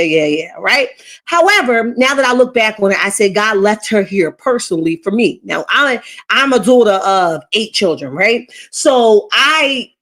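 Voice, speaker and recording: A woman's voice: mid-range voice, a bit bright. A woman hosting a livestream, telling a personal story in a casual, rambling way and often asking her chat "right?". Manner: emotional personal retelling. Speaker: livestream host.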